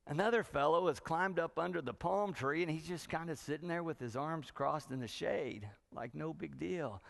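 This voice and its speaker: A male pastor delivering a sermon with a fairly high voice. He tells stories with dramatic swings, dropping to a hush and then building up loud. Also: normal speed, creaky, hardly any pauses. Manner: storytelling with wide swings from hushed to loud.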